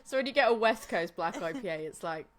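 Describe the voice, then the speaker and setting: A young American woman co-hosting a podcast, telling animated, ranting stories full of "like" in casual chat. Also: mid-range voice, fast. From United States. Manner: animated, ranting storytelling with frequent "like". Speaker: podcast co-host.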